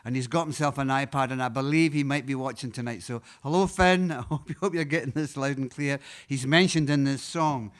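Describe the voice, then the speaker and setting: A Scottish man, a singer-songwriter, telling a rambling, halting story between songs, chuckling often. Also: mid-range voice. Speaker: singer-songwriter introducing a song.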